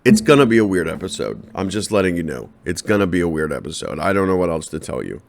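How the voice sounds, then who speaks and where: A man with a very deep, low-pitched voice rambles through a comedic solo podcast monologue. His delivery is deadpan and loose, and he addresses his listeners directly. He talks into a podcast microphone. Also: fast, gravelly, a little hiss or hum.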